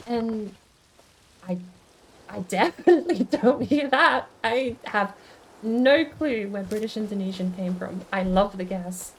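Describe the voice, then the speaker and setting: A woman's voice: mid-range voice, mellow, slight background noise. A woman streamer in casual chat, musing aloud and answering chat comments as she goes. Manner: chatty and musing, with many restarts.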